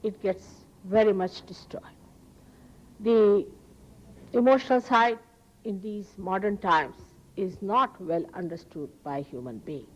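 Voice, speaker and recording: A woman giving a public spiritual talk, earnest and emphatic, often rising sharply in pitch. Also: takes it slowly, highs cut off. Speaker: spiritual teacher. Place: public hall.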